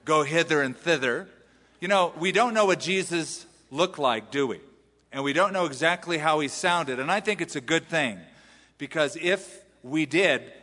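American man, pastor, conversational sermon, bright voice, long hall reverb. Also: a little high. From US West Coast. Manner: conversational, self-deprecating, with restarts. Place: large church hall.

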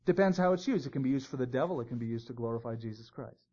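An animated Bible teacher gives an expository teaching sermon in a conversational style, dropping joking asides. His mid-range voice is very fast with a breathy edge, captured on a dull lo-fi recording.

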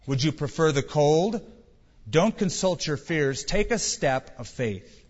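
A man voicing a calm, gentle stranger. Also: fairly high pitch. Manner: gentle, inviting, slow storytelling. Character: calm male stranger who brings fire. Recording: reverberant hall, dull sound.

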